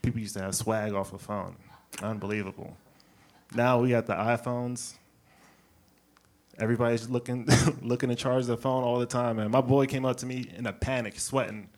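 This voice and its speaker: A man from Brooklyn doing a stand-up set on a club stage, telling stories with lively character bits and laughing at his own jokes. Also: mid-range voice, normal speed. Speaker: stand-up comedian.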